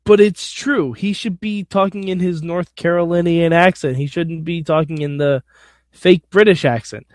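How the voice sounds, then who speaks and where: A man's voice: fairly high pitch, steady tone, moderate pace, no echo. A man hosting a podcast alone, giving a casual wrestling recap in an opinionated, blunt, sometimes profane way. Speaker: podcast host.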